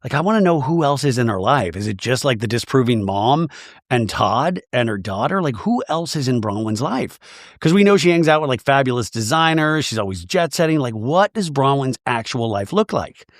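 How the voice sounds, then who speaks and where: A man's voice: medium pitch, moderate pace, no room sound, studio quality. A man hosting a podcast, chatting through a comedic TV recap and acting out scenes. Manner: chatty, animated, acts out scenes. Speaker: podcast host.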